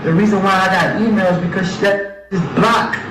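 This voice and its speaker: A man's voice: sits high, fairly even intonation, normal speed, noisy background. Agitated ranting man, echoey distant clip. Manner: agitated, profane, rambling. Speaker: person addressing allegations online. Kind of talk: heated rant.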